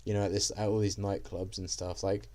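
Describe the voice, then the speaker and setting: A young man talks on in a rambling, self-deprecating way, with lots of fillers and restarts. His voice sits low and dark. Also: flat delivery, brisk. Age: young adult. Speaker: vlogger. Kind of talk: casual monologue.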